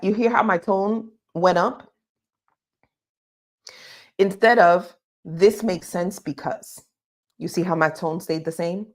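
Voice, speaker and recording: Low-voiced woman coaching on interviews. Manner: emphatic, repeats "okay?" to check in. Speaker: career coach. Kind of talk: live career advice talk.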